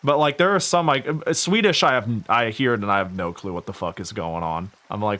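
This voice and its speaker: A young man chatting casually while streaming a game, rambling and animated, laughing often and swearing freely. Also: medium pitch, fairly quick, hardly any pauses. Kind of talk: casual gaming stream chat.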